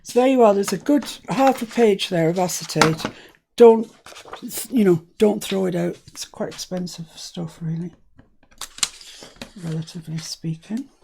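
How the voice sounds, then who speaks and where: A woman's voice: on the low side, a little slow, vocal fry, noisy background. A woman hosting a casual craft tutorial at a cluttered desk, chatting and muttering to herself as she works. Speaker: craft channel host.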